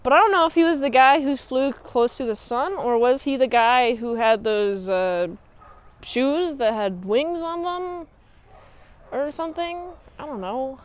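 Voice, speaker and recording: In a high, light voice, a woman reviewer works through an episode recap, rambling and cracking jokes along the way. She sounds animated and playful but never hurried.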